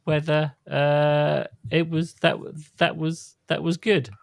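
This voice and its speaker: A man co-hosting a casual podcast, talking in a halting way with frequent restarts and wry jokes. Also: fairly high pitch, level tone, gravelly, no room sound, clean studio sound. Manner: halting, stumbles and restarts words; jokey, wry asides. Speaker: podcast co-host.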